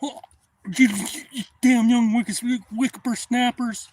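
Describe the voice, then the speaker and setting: Man putting on a shrill cursing old boater. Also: fairly even intonation, slow, exaggerated voice. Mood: shrill angry. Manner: shrill, swearing, scolding.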